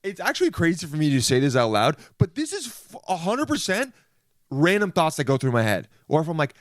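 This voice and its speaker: A man's voice: a little high, huge pitch swings, a little fast, dry recording, studio quality. A young man hosting a podcast, delivering a rambling comedic solo monologue, often interrupting himself and saying "dude.". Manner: rambling, self-interrupting, says "dude" a lot. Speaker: podcast host.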